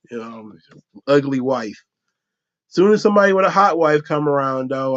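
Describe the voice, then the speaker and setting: A man's voice: on the high side, a little slow, pauses often, a bit bright. A man hosting a podcast in a profane comedic rant, laughing often and acting out voices, on dull lo-fi audio. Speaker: podcast host.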